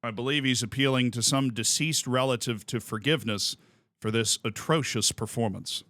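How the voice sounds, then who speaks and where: A man's voice: medium pitch, normal speed, fairly bright tone, dry recording, voice pushed down, close to an everyday voice. A man doing an impression of a stern, pompous male sports announcer delivering a solemn, cutting call. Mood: solemn mockery.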